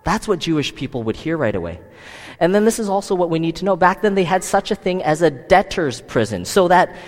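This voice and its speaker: A man preaches a sermon in a high, bright voice that swings up and down. He keeps asking the listeners rhetorical questions. His voice rings out with a long echo in a hall. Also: fairly quick. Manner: lively, asks the listeners many rhetorical questions. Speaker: pastor.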